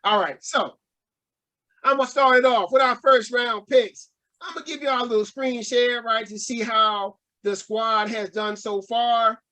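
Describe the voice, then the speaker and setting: A man's voice: very high-pitched, unhurried, sharp tone. A man hosting a casual sports podcast, hyped and joking with his co-hosts and laughing often. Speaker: podcast host.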